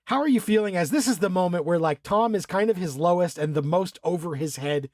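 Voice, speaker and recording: A man co-hosting a podcast, casually talking through a film, animated, laughing and swearing as he acts out scenes. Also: high-pitched, brisk, dry recording, studio quality. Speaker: podcast co-host.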